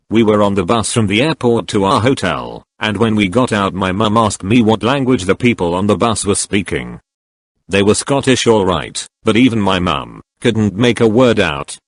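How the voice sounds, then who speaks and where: Lively low-voiced male reader. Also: no echo. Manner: reads each comment in quick succession. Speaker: narrator. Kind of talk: reading online comments aloud.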